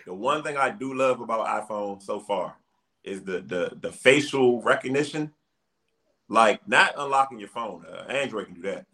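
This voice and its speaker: A man in a casual chat, explaining at length in an animated way. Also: on the low side, moderate pace. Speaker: podcast co-host.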